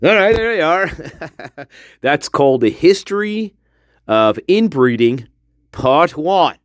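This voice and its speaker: A male streamer rambles through an offhand rant, cursing freely and laughing between thoughts. His delivery is unhurried, his voice is slightly high and very animated, and the sound is close and dry. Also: no room sound. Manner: rambling, profane, laughing often. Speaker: livestream host. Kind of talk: casual livestream rant.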